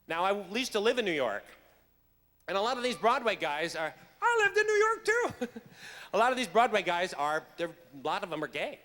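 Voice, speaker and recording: A guest actor with a high, fairly quick voice tells a funny backstage story from a convention hall stage. He's animated, laughs often, and trips over his words with stumbling restarts in this casual storytelling. The hall is reverberant, with faint crowd noise.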